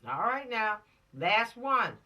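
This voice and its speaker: Emphatic woman lecturing, bright and distant. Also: a little high, sing-song, slow pace. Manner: preachy, emphatic, repeats warnings, drops into slang. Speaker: law course instructor. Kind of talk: lecture to teens.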